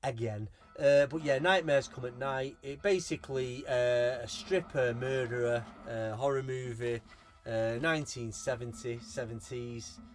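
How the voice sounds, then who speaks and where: A man's voice: medium pitch, fairly even intonation, measured pace, soft background music. A man, chatting casually on video and showing off his finds. He talks with rambling enthusiasm and swears freely. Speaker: collector showing his purchases.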